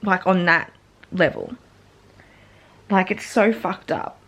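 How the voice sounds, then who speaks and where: A woman's voice: on the low side, takes it slowly, a bit bright, slightly rough. A young woman talking casually about a book in a vlog, peppering her speech with "like" and swearing freely. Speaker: book vlogger.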